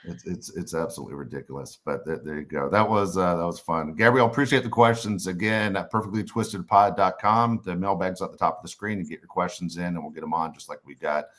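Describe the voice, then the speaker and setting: A man's voice: deep voice, fast, few pauses, a bit bright. A man co-hosting a podcast, joking and casual, swearing now and then as he reads listener questions. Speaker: podcast co-host. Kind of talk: casual chat.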